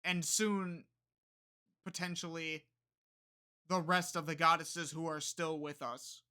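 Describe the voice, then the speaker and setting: A streamer reading out a game's story text and reacting with excited, chatty comments. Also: medium pitch, slow pace, smooth. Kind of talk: game playthrough with read-aloud narration and reactions.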